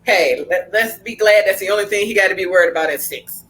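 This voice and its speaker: A woman's voice: medium pitch, fast, fairly bright tone, slight background noise, low-quality recording. Blunt, storytelling woman podcast host. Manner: storytelling, acting out family dialogue; frank, blunt, with mild cursing. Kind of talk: casual podcast chat.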